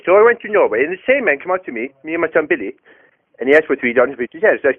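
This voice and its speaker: A man's voice: on the high side, expressive, racing. A man telling a rambling comic story on a prank phone call, hesitant and full of fillers and restarts. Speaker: prank caller. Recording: tinny phone line.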